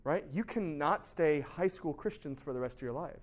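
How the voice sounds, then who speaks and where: A man giving a casual, animated sermon as a pastor, often asking "right?" and laughing at himself. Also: a little high, moderate pace. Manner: chatty, animated, constant rhetorical "right?"; laughs at himself, shouts for emphasis.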